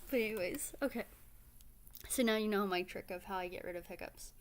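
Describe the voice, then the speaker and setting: Woman streamer w hiccups, chatty and upbeat, smooth clear voice. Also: mid-range voice, a little fast. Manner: chatty, upbeat, many fillers. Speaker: writing livestream host. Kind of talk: casual livestream chat.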